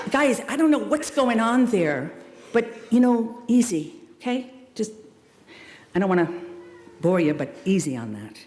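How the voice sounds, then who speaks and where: A middle-aged woman giving a commencement speech. She talks to the graduates in a warm, emphatic way, calls them "loves" and "darlings", and throws in playful, dramatic asides. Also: medium pitch, very animated, measured pace, a little hiss or hum. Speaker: commencement speaker. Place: large hall at a school ceremony. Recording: echoey hall, long reverb.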